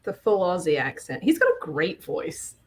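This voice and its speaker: Speaking at a moderate pace, a woman with a lowish voice lets her pitch swoop wildly, and there's slight background noise. She's a Kentish-accented artist co-host from southeast England whose casual chat often ends in upward inflections.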